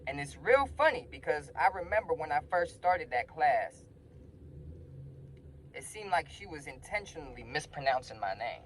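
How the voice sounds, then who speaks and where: A man telling a personal story in a casual storytime vlog, animated, using slang and acting out the voices. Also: on the high side, normal speed, a little hiss or hum, poor audio.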